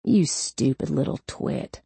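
Woman reading a tough female detective, calm, cutting, low, unhurried. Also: vocal fry, slightly rough, dry recording, exaggerated voice. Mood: cool. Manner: calm and cutting, quietly menacing.

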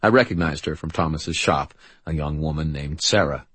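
A man narrating a novel in the first person with a dry, wry, deadpan delivery. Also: very deep voice, moderate pace, slightly rough, dry recording. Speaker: audiobook narrator.

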